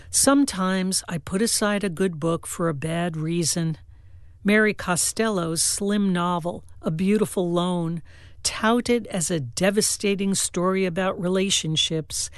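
A woman book critic reading a scripted review in a measured, literary way. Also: fairly low pitch, no echo, studio quality. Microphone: studio mic.

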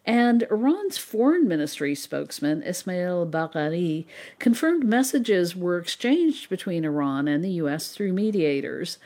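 Woman correspondent, slightly low, even measured read. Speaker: foreign correspondent. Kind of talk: news report.

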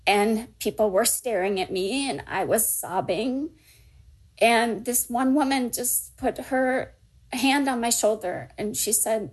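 A woman in her fifties recalling a personal story in a halting, emotional way. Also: fairly high pitch, breathy edge, poor audio. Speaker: storyteller guest.

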